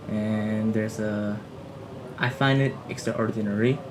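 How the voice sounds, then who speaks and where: A young man with an Indonesian accent gives a halting class presentation, full of fillers and repeated phrases. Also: lowish voice, little pitch movement, noisy background. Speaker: student presenter. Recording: music playing underneath.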